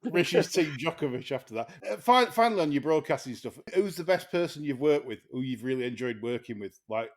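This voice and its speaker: A man hosts a relaxed podcast chat. His slightly high voice swoops with animation as he tells stories. He laughs easily between lines. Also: fairly quick. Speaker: podcast host.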